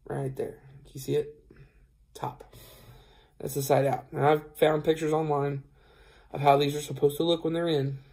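In this easygoing storytelling vlog, a weary truck driver wanders through a tale on camera, voicing each person in the exchange and leaning heavily on fillers. He speaks at a normal speed in a slightly high, level voice with a darkish tone.

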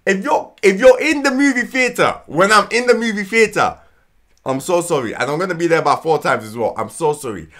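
A man from London with a London accent, reacting casually to a trailer as host and bursting into whoops and shouts. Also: sits high, fairly quick. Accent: London English. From London, England. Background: trailer music playing faintly.

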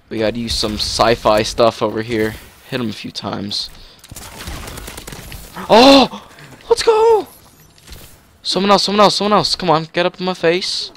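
A man giving casual gameplay commentary, excitable, with sudden shouts and yelps. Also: fairly high pitch, vocal fry. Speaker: gaming commentator.

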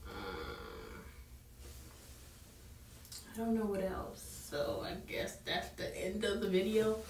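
A woman's voice: mid-range voice, huge pitch swings, takes it slowly, a little mellow, roomy sound, distant mic, a little hiss or hum. A young woman talking casually to her camera at home, rambling with lots of fillers about her evening out. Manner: rambling, filler-heavy, chatty. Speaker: vlogger. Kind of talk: casual vlog chat to camera.

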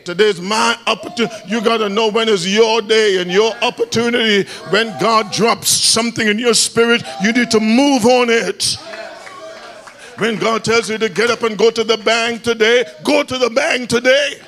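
A bishop preaching a fervent sermon in church. He shouts key phrases, repeats lines for emphasis and punctuates them with "hallelujah". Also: extremely high pitch, steady tone, normal speed, faint music behind.

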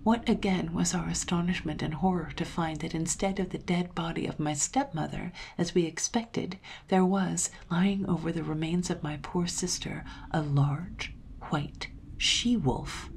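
Woman storyteller, low and gravelly, measured dramatic gothic reading. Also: a little mellow, a little hiss or hum. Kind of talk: scripted narration of a gothic tale.

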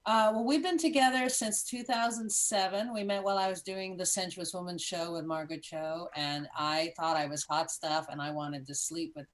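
A woman guest in a casual chat, telling her story in a gushing, animated way over a video call. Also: lowish voice, normal speed, few pauses. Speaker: podcast guest.

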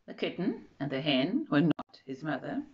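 A woman reading a children's storybook aloud in an expressive, measured way. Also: sits low, vocal fry. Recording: dull lo-fi recording.

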